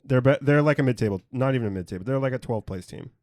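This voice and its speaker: Casual male co-host, rambling, restarts a lot, mid pitch, dry close sound, home studio. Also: very fast, darkish tone, dry recording. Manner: rambling, trails off and restarts often. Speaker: podcast co-host. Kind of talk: casual sports chat.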